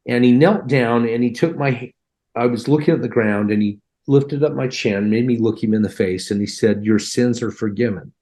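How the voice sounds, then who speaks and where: A man with a mid-range, slightly mellow voice earnestly recounts a near-death experience he lived through. He tells it in a heartfelt, conversational way, acting out his own reactions.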